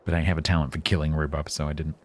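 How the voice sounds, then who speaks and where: A man's voice: a bass voice, little pitch movement, rapid-fire. A man streaming a game live, chatting casually in a rambling, self-mocking, joking way.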